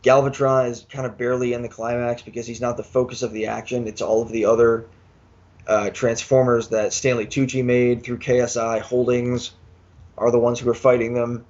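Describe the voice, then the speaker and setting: A man, talking casually as a podcast co-host about a movie, measured and thoughtful. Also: mid-range voice, little pitch movement, a little mellow, lo-fi sound. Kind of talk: casual movie review chat.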